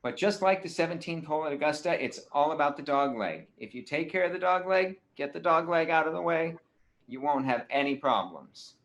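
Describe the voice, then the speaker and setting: A man's voice: on the high side, animated, brisk, fairly bright tone. A man playing a relentlessly cheerful golf caddy who gives folksy advice. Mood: chipper. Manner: upbeat, folksy golf talk. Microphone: video call.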